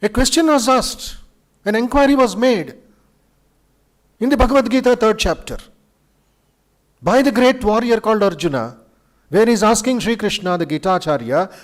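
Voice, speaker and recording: Indian monk talking to a hall of students, higher voice, lively and dramatic. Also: male voice. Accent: Indian English. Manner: animated storyteller, acts out quoted speech, chuckles. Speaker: monk giving an inaugural lecture. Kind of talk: spiritual lecture to students. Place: university auditorium.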